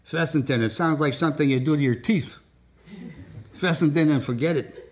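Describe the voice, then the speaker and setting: A man's voice: fairly high pitch, moderate pace. A man hosting a live stage show, joking and coaxing the audience along. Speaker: host. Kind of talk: comic stage patter.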